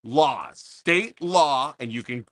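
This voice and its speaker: A fired-up man rants straight at his viewers, repeating himself as he builds his point. His voice is bright and forceful, at a middle pitch. The sound is dry and close, from outdoors under an umbrella in pouring rain. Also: lively intonation, takes it slowly, no room sound. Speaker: podcast host. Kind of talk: casual livestream rant.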